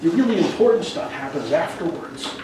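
A man with a fairly high voice preaches a sermon in an earnest, conversational manner, often stopping to restart a phrase. He is recorded from a distance in a church sanctuary. Heavy echo fills the sound, and faint noise sits underneath. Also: lively intonation, brisk. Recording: very echoey hall, mic far off.

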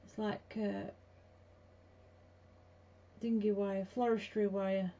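Her voice is warm, medium-pitched and slow, with little pitch movement, as she chats bluntly with viewers during a casual craft live stream from her home craft room, working all the while. Dull lo-fi audio, slight background hiss.

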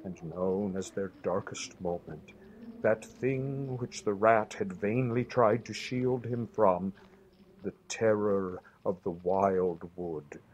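A man reading a classic children's story aloud for his family with gentle, expressive storytelling. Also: lowish voice, slow, slight background noise, low-quality recording. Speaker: reader.

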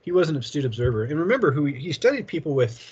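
A man's voice: fairly high pitch, big pitch swings, rapid-fire, darkish tone, slightly rough, highs cut off. A man teaching a college class in a casual, rambling lecture, chuckling often and telling anecdotes. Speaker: college instructor.

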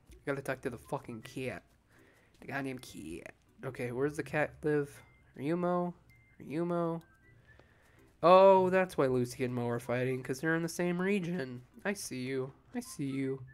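A let's-play commentator chatting casually at home over gameplay, drowsy and rambling with frequent swearing. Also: medium pitch. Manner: sleepy, profane, rambling.

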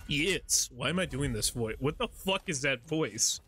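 A man's voice: mid-range voice, lively intonation, moderate pace, few pauses, sharp tone, slight background noise. A man streaming a video game, ranting and mocking in profane casual commentary.

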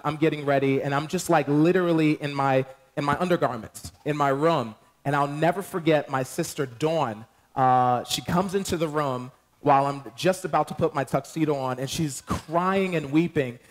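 A man, a pastor, joking with his congregation as he tells wedding stories at the start of a sermon in church. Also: fairly high pitch. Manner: playful, joking, addresses the congregation. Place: church sanctuary.

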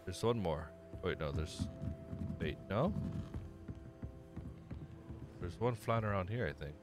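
A man's voice: sits low, expressive, slow pace. A young man casually commenting on his video game playthrough, rambling, correcting himself and getting distracted. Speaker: gaming streamer. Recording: game music behind.

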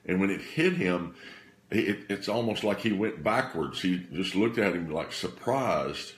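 A deep-voiced man tells a personal faith story with earnest feeling. He stops and restarts himself often, circling back over his phrases. His voice carries a roomy echo. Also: lively intonation, a little hiss or hum. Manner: halting, repeats and restarts phrases; earnest, emotional retelling. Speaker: speaker sharing a faith testimony.

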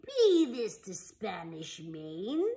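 A woman voicing a boisterous male pirate captain who shouts his lines slowly and drags out every word. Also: medium pitch, huge pitch swings, voice pushed down. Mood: hearty, bossy. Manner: slow, drawn-out shouted pirate talk.

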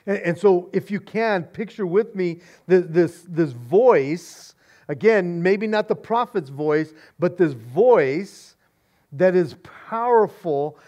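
A man preaching as a pastor, excited and casual, often repeating words and saying "man". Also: high voice, slow pace, lo-fi sound. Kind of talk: expository sermon.

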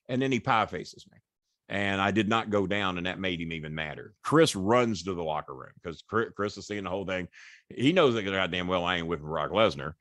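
A man's voice: on the low side, dry recording, studio quality. Man telling a profane story. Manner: profane, animated retelling with quoted voices. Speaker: podcast guest. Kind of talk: storytelling in casual chat.

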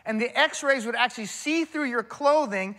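A man's voice: extremely high pitch, moderate pace, bright, forceful tone. A man preaching a sermon in a church, emphatic and conversational, often addressing the crowd as y'all. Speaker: pastor.

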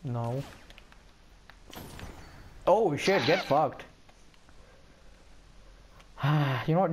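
A young man with a slightly high voice trash-talks his opponent over a headset in game chat. He teases, curses and gloats in a loose, casual way. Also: lively intonation, very slow, pauses often, a little hiss or hum. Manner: teasing trash talk, cursing. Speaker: gamer.

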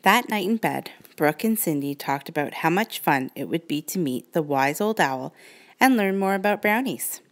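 A woman who leads a girls' youth group, reading a children's storybook aloud in a gentle, expressive way. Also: sits low, normal speed, no echo, clean studio sound. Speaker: Girl Guide leader, storyteller. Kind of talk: storybook read-aloud narration.

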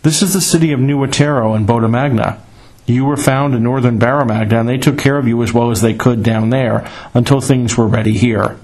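A man voicing a kind, cheerful female healer in a plain, gentle storybook reading. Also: medium pitch, fairly even intonation, a little fast, close to an everyday voice, poor audio. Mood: eager.

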